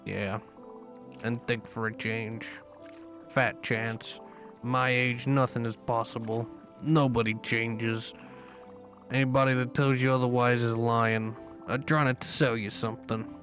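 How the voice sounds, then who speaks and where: Stubborn, tired older man from a game, a man reads him; gruff and low-key, mid pitch, music under. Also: level tone, a little slow, fairly bright tone, natural voice. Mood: weary, gruff. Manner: weary, gruff, subdued. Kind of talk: reading game dialogue aloud.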